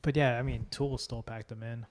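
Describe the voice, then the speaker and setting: A man co-hosting a podcast, relaxed and informal in casual chat. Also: mid-range voice, normal speed. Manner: easygoing, relaxed, informal grammar. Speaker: podcast co-host.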